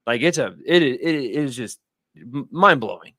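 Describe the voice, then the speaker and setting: A man in his thirties talking casually on a livestream, rambling and animated, often acting out his friends in a raised voice. His voice sits at an ordinary pitch. The sound is close and dry, with no room echo. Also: normal speed. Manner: rambling, animated, acts out friends' lines in a higher voice. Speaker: guest. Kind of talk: casual storytelling conversation. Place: home studio.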